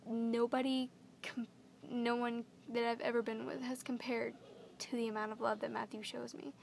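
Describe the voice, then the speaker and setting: A young woman vlogging to camera, gushing and emotional as she repeats her words, with a creaky voice. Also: on the high side, level tone, moderate pace, darkish tone, slight background noise. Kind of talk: earnest direct-to-camera vlog.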